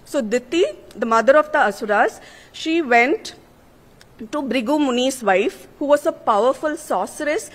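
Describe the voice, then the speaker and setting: A woman's voice: high-pitched, expressive, moderate pace. A woman, an author giving an earnest, emphatic speech at a literary conference. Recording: long reverb of a large hall.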